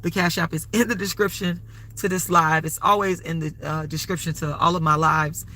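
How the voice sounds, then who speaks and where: A woman's voice: on the low side, steady tone, normal speed, pushed and bright, a little hiss or hum. A woman hosting a live stream, talking casually and rambling, often stopping to ask for donations. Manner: rambling, conversational, keeps plugging donations. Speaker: livestream host.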